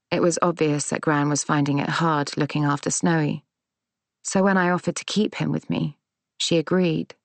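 A woman narrating a first-person audiobook in a measured, gentle, reflective way. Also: low-pitched, creaky, dry recording.

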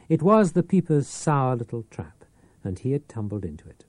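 A man narrating a novel in a measured, dramatic storytelling manner. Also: mid-range voice, big pitch swings, no room sound. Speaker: audiobook narrator. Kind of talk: scripted narration.

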